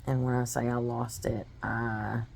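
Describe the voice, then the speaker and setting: A woman's voice: rumbling low, flat delivery, a little slow, gravelly, darkish tone, slight background noise. A woman giving a personal testimony, telling her story in an earnest, emotional way.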